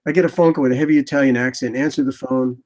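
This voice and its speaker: A man in his sixties, a photographer guest in an interview, telling rambling, animated anecdotes and acting out what people said. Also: medium pitch, racing. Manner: animated, rambling anecdotes with lively quoted asides. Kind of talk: casual interview storytelling.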